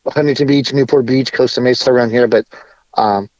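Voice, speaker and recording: A man talking casually as a podcast guest, laid-back and a bit halting. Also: mid-range voice, steady tone, darkish tone, no room sound. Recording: dull lo-fi audio.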